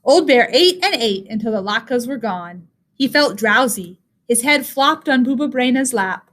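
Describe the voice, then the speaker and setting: A woman's voice: a little high, expressive, normal speed, fairly bright tone. A woman teacher reading a picture book aloud to young children, telling the story expressively.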